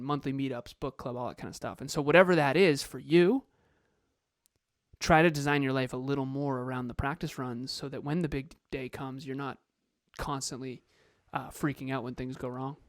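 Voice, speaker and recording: A man's voice: medium pitch, no echo, studio quality. A man co-hosting a motivational podcast, talking emphatically and repeating words for stress. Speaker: podcast co-host and coach.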